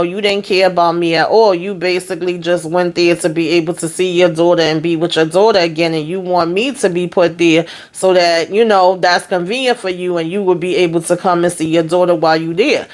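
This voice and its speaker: A woman vlogger recapping a TV episode in casual chat, retelling scenes in quoted dialogue with sassy asides. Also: mid-range voice.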